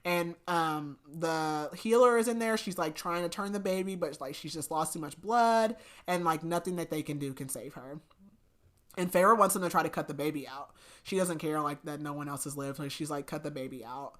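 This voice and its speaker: A woman's voice: deep voice, moderate pace, a bit bright. A woman co-hosting a podcast, chatty, retelling a story with lots of filler words. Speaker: podcast co-host. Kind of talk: casual book recap chat.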